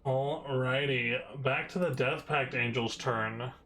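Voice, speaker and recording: Brisk male game master. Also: mid-range voice, fairly even intonation, sharp tone. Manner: brisk, businesslike calls of rolls and rules. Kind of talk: narrating a tabletop game. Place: home setup, online live stream.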